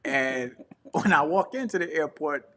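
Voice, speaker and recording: A man tells a travel story on his couch, bright and slightly high-voiced. He talks loose and slangy and acts out the people he met. It sounds like a relaxed co-hosted talk show. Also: a little slow. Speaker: podcast co-host and traveling preacher. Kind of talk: casual storytelling chat. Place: home couch.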